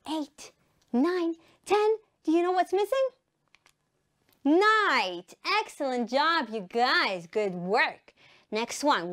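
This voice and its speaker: A woman's voice: sits high, takes it slowly, long pauses. A woman with an Israeli accent teaching English to young children on television, singing letters and having them repeat sentences. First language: Hebrew. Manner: animated, sings letters and has children repeat. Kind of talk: televised primary-school English lesson.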